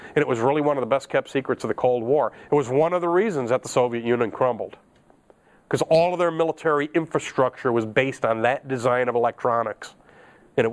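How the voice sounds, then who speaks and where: Chatty, joking male electronics instructor. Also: medium pitch. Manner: chatty, joking asides, laughs at his own stories. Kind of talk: classroom lecture. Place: classroom.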